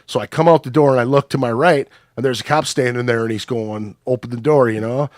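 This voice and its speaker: A man's voice: medium pitch, fairly quick, no echo. A man with an Upper Midwest American accent hosts a podcast from a small studio. He rambles through a profane story in loose, casual chat, his voice sounding dry and close to the mic. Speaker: podcast host.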